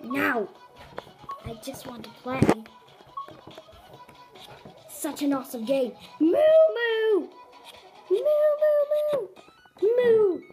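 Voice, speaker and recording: A performer voicing an excitable little turtle creature in silly game commentary, with squeaky shrieks and giddy, easily startled reactions. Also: extremely slow, pauses often, full character voice, rough recording. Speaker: channel host. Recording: game music loud behind voice.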